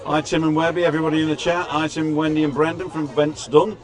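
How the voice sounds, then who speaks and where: A man's voice: a little high, level tone, fast. A man from Britain hosting a casual livestream outdoors, reading out and greeting viewers by name with wry asides. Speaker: livestream host. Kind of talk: casual live chat, reading out viewer comments. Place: outdoors on a street. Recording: busy outdoor crowd noise.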